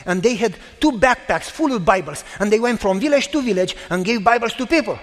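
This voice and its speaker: A man in his fifties preaches in a high, light voice, building his stories with emphatic repetition and sudden pauses. His words ring out with a long reverb, as in a large church hall. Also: animated, a bit bright. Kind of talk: sermon.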